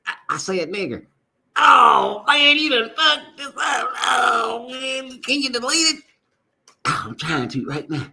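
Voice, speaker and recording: A man voicing frantic, excitable male fight-stream commentators who shriek and stammer in a panic. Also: very high voice, measured pace, vocal fry, slight background noise, pitched above the performer's own voice, exaggerated voice. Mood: panicked.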